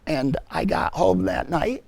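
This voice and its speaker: A man shares a personal witness with a group of parents. He talks slowly and earnestly, and his voice has a gravelly edge. He often pauses and restarts as he works out how to describe what happened. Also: sits high, animated, a little mellow. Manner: earnest, reflective storytelling with halting restarts. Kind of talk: personal testimony talk.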